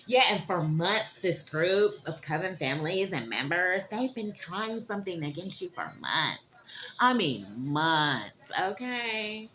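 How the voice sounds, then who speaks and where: A woman giving a tarot reading to her viewers, animated and dramatic, often checking in with "okay?". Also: on the low side, a little hiss or hum. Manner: animated, keeps asking "okay?". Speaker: tarot reader.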